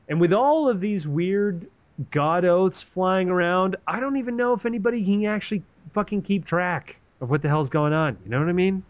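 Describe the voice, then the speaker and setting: A man's voice: on the high side, brisk, muffled recording. A man retelling a story in a casual, comedic way, swearing and rambling with plenty of animation.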